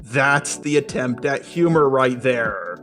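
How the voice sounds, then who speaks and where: A man's voice: mid-range voice, slow, a bit bright, soft background music. A man doing a sarcastic, combative rebuttal commentary voice-over, swearing now and then. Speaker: commentary youtuber.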